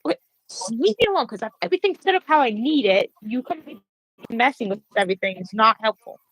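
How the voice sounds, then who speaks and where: A woman's voice: a little high, expressive, brisk, a bit bright, dry recording, rough recording. A woman playing in a tabletop game, chatting playfully and complaining to the others. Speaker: player. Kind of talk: casual chat while playing a tabletop game.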